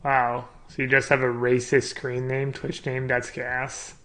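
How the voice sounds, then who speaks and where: A man's voice: medium pitch, monotone, measured pace, a bit bright. A man streaming live, joking with chat and thinking aloud about card choices. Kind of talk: casual live-stream commentary.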